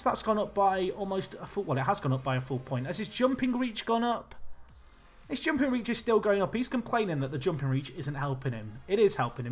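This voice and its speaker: Chatty man streaming a game. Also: high-pitched. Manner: chatty, animated, reacts to chat. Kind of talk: casual game commentary.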